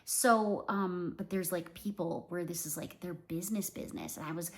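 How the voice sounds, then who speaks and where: A woman's voice: on the low side, normal speed. A woman from Canada in her forties, a small business owner talking casually to her viewers, rambling with lots of fillers. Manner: chatty, rambling, many fillers and "like"s. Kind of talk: casual talk to camera.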